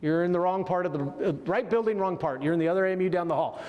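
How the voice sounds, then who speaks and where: The recording is lo-fi, with the sound of a big room, as a man with a high-pitched voice talks fast through a motivational lecture on military leadership. He shares a story and repeatedly checks in with the crowd by asking "right?"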